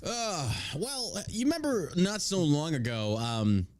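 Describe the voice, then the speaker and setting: A man hosts a crude comedy podcast, swearing often, mocking the news, and slipping into silly put-on voices and accents for jokes. His fairly high voice swoops wildly in pitch, and he takes his time speaking.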